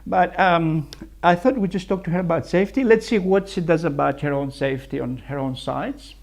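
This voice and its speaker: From a building site, a man with a notably high voice and some vocal fry chats loosely and briskly, reacting to clips. He rambles on like a licensed builder sharing tips and keeps laughing at his own jokes.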